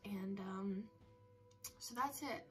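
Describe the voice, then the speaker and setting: A woman's voice: mid-range voice, slow pace, fairly bright tone, faint music behind, low-quality recording. A teenage girl chatting to camera on a phone for her vlog, rambling and poking fun at herself. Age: teens. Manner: rambling, self-mocking, chatty. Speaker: vlogger. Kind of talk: casual chat to camera.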